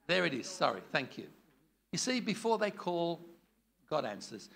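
An older man teaches preachers in a blunt, joking way. His voice is gravelly and a little husky, and it sits fairly high. His pitch swings widely as he acts out examples. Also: sing-song, moderate pace, a bit bright. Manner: blunt, jokey, demonstrates tones of voice. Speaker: preaching trainer.

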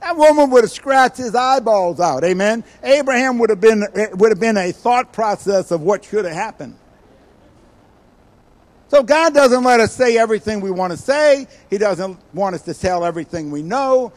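An older man preaching a sermon as a guest speaker, telling stories with animated bursts and quiet asides. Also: high-pitched, normal speed. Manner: animated storytelling, acts out quoted voices with sudden loud bursts and quiet asides.

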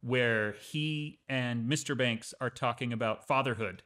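A man chatting on a podcast with strong, enthusiastic opinions. His voice sits at an ordinary, middle pitch. He talks casually and easily. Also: unhurried, bright, forceful tone. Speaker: podcast co-host. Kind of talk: casual conversation.

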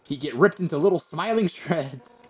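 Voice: mid-range voice, lively intonation, moderate pace, slightly rough, voice pushed up. Streamer doing a hot-headed fish warrior lady from a game, brash and teasing, voice bouncing up and down. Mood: frank. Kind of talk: reading game dialogue aloud.

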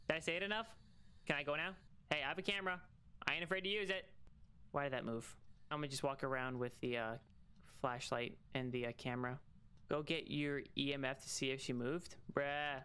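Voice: mid-range voice, a little fast, bright, forceful tone, smooth. A young adult streamer giving casual, jokey commentary while playing a ghost-hunting game, trash-talking and yelping when startled.

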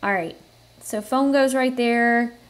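Slow-talking woman explaining step by step. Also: a little high. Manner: relaxed step-by-step explaining with thinking-aloud fillers. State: has the hiccups. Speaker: tutorial host. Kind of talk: screen-recorded software tutorial.

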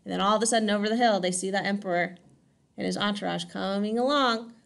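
A woman's voice: medium pitch, fast talker, vocal fry, a bit bright. Chatty woman teaching history. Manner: chatty, checks in with 'right?' and 'okay?'. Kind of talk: casual classroom lecture.

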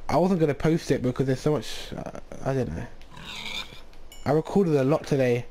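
A man talks over his gameplay in a loose, excitable ramble, often stopping to restart his sentences. His voice sits in a middle pitch. A faint hiss runs under the recording. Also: normal speed. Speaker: gaming channel host. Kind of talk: casual gameplay commentary.

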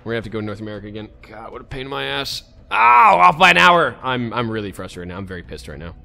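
A man's voice: on the low side, very fast, a bit bright. A man recording casual gameplay commentary as a let's play host, talking to himself and breaking into frustrated outbursts. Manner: talks to himself, swings into sudden frustrated outbursts.

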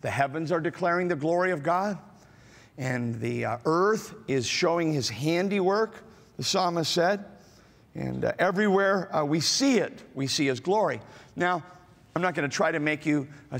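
Male pastor, gravelly, slow, halting sermon delivery, echo of a large church hall. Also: a little high, fairly bright tone. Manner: slow, halting delivery with many fillers, rising to emphatic repetitions. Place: church auditorium. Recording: large hall with long reverb.

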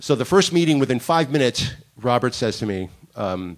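A man's voice: mid-range voice, normal speed. A man from Miami, a director, telling stories from his career on a conference panel and acting out the lines of people he quotes. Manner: animated storyteller, acts out quoted lines. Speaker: guest director. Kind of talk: panel conversation, storytelling. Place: conference room.

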